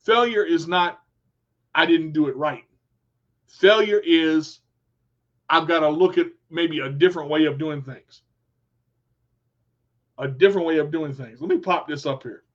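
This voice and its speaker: Brief: high-pitched male host, unhurried, preachy motivational talk, lo-fi stream sound. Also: fairly bright tone. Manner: preachy, repeats himself, addresses viewers as y'all. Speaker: show host.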